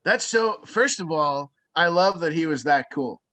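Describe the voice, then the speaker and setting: Male comedian guest, slightly higher voice, chatty and reactive, dry close mic. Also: expressive, pushed and bright, no echo. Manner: chatty, quick reactions, laughs along. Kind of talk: casual podcast chat.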